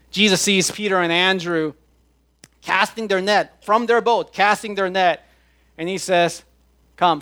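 Delivering a sermon, a man with a notably high and slightly bright voice preaches emphatically. He stretches out the scripture he quotes, phrase by deliberate phrase.

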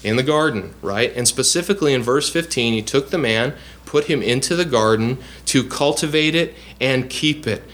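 A man of middle pitch teaches from scripture in an earnest, explanatory sermon. He stops often on fillers and restarts as he works through each point. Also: moderate pace, few pauses, fairly bright tone. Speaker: preacher.

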